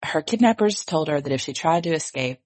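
A woman co-hosting a casual podcast, hoarse and raspy from losing her voice, chatty and laughing often. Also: low-pitched, lively intonation, fairly quick, darkish tone. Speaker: podcast co-host. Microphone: remote recording.

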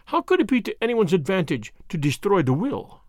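A man's voice: high voice, sing-song, a little mellow, no room sound, studio quality. Poirot, a man doing a fussy detective. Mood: brisk. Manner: theatrical, exclamatory, fastidious. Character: fussy, excitable Belgian detective, middle-aged man. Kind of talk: audiobook character voice.

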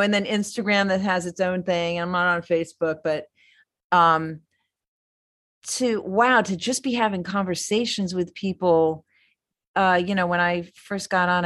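A woman's voice: lowish voice, moderate pace, fairly bright tone. A middle-aged woman guest in a casual interview, rambling enthusiastically with many fillers and restarts. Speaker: filmmaker guest.

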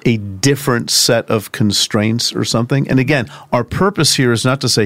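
A man's voice: medium pitch, moderate pace, a bit bright, dry recording. Male podcast co-host, mid-range voice, reflective and loosely rambling, dry studio sound. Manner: thoughtful, rambling with restarts and asides. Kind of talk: conversational theology discussion.

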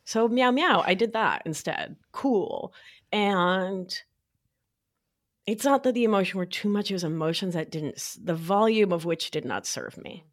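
A woman talking as a podcast guest, her pitch swinging lively and wide. She chats casually with plenty of "like" and "right?", and now and then she jumps into a high, sing-song playful voice. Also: a little slow. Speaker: podcast guest, nurse practitioner.

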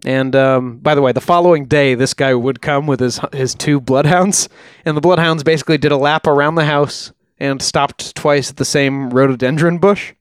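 A man co-hosting a podcast, recounting a true-crime case in a relaxed, chatty way with frequent ums. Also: medium pitch, normal speed, few pauses, smooth, no echo, clean studio sound. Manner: relaxed, uses fillers like uh and um. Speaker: podcast co-host. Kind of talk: casual true-crime storytelling.

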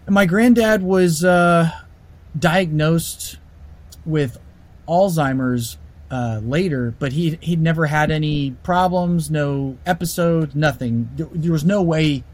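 Brief: man, slightly high voice, casual animated storyteller with fillers. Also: slow pace. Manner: animated, lots of fillers and restarts.

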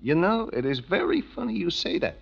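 A scheming Broadway hustler. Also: male voice, sits high, huge pitch swings, a little fast, vocal fry, slightly rough, exaggerated voice. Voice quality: New York tough-guy patter. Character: scheming fast-talking Broadway hustler, ex-fighter. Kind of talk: 1940s radio acting. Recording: dull old radio recording.

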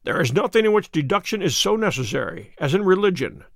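A man voicing Sherlock Holmes, a musing, brisk male detective, in a dry read story. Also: high-pitched, big pitch swings, vocal fry, dry recording, full character voice.

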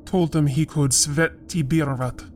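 A woman's voice: low-pitched, steady tone, measured pace, a little mellow, a little hiss or hum. A woman voicing a brooding, stubborn young man with a Russian accent who talks in blunt, broken phrases. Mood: sullen.

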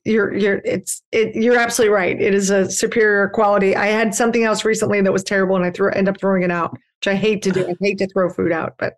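A woman's voice: mid-range voice, flat delivery, quick pace, hardly any pauses. A middle-aged woman chatting as a guest on an interview show, self-deprecating and prone to repeating herself. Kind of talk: casual interview chat.

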